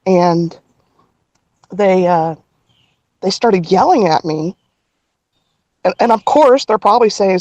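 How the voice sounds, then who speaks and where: A middle-aged woman telling a personal story as a podcast guest, earnest and halting, with frequent restarts. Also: medium pitch, animated, a little mellow, dry recording.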